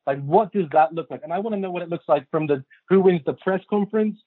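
A man's voice: sits high, fast, husky, no echo. A man from England with a West London received pronunciation accent, chatting playfully as a podcast guest and poking fun at himself. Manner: playful, self-mocking rambling. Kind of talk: casual podcast chat. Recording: tinny phone-like line.

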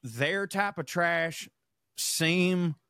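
Man, podcast co-host, slightly high voice, animated profane talk, dry sound. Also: very slow, clean tone, dry recording. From American South. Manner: animated, profane, laughing asides. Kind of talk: casual chat.

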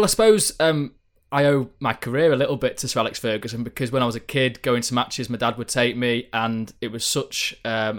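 A man's voice: mid-range voice, fairly bright tone. A young man, a football correspondent, telling stories in a chatty, rambling way on a podcast. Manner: chatty storyteller, many ums and restarts. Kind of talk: podcast chat.

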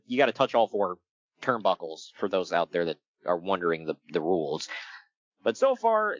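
This wrestling podcast co-host has a voice on the high side and tells animated stories with lots of laughter in casual chat. No echo, but the highs are cut off.

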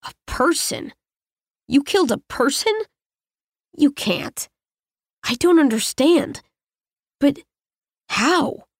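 A woman's voice: medium pitch, measured pace, darkish tone, dry recording, clean studio sound, lightly acted. A woman reading the part of a big, strong teenage boy in an audiobook, sneering and then stammering in disbelief. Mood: stunned.

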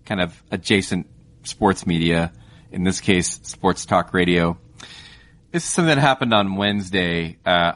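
A man co-hosting a podcast, talking in a quick, wry, joking manner. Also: deep voice, a bit bright. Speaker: podcast co-host. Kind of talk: casual podcast chat.

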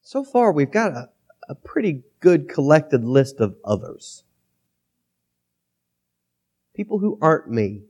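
A pastor with a cold preaching a sermon into a microphone, reading scripture aloud and then talking it through in a conversational way. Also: male voice, a little high, very animated, normal speed, darkish tone, breathy edge. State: has a cold, coughing.

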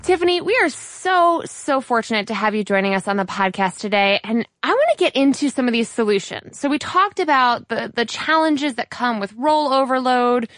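A woman hosting a podcast interview, talking with animated energy and laughing often. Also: on the high side, a little fast, hardly any pauses, dry recording, studio quality. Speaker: podcast host.

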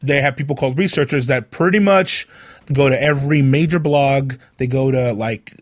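A man at a middle pitch talks in a relaxed, joking way and explains things at length in casual conversation. The recording is dry and close. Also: moderate pace, no room sound. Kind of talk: casual chat.

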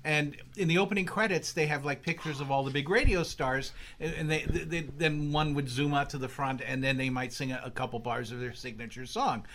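A man in casual chat, telling an anecdote in an animated way. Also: on the high side, brisk, hardly any pauses, a little hiss or hum. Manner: animated storyteller.

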